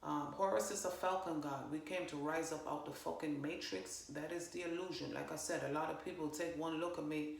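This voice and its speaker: A woman giving a casual spiritual monologue, swearing freely and talking with emphatic, animated energy. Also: low-pitched, fairly quick, gravelly, few pauses. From parents from Jamaica. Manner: profane, animated, emphatic, fillers. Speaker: spiritual channeler vlogger. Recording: roomy echo.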